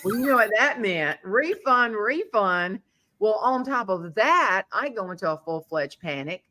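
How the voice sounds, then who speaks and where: Against slight background noise, a middle-aged Southern American woman with a medium-pitched voice spins a funny story at normal speed. She's a humorist guest in a relaxed chat, animatedly performing the quoted voices of the characters.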